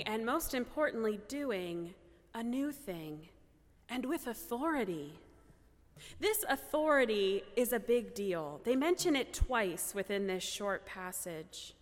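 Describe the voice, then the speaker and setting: A woman pastor delivering a sermon in a slow, measured way, with reflective pauses. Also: a little high. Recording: church hall with long reverb.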